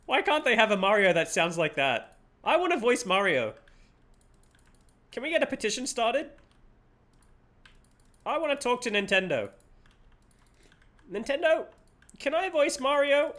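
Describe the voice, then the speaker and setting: A man's voice: sits high, very animated, unhurried, long pauses, fairly bright tone. A man streaming a game live, chatting playfully, laughing often and swearing casually, at a desk mic.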